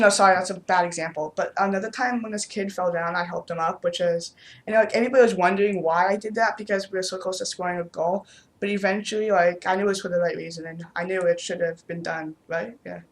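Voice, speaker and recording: A man's voice: high-pitched, fairly even intonation, fast, fairly bright tone. A young male interviewer in a casual chat, speaking hesitantly with lots of "like" and "um". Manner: hesitant, with many filler words.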